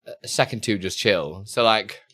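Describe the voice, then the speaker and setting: A man's voice: on the low side, normal speed, fairly bright tone. A man chatting casually on a live stream, reading out chat questions and laughing often.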